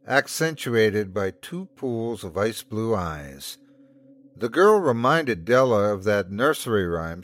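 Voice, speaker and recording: A man hosting and narrating a scripted horror story in a measured, dramatic way. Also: on the low side. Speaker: host and narrator.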